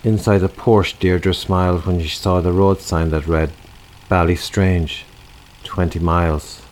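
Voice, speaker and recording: Deep-voiced man narrating a dark comic tale. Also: fairly even intonation, moderate pace. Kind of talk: storybook narration.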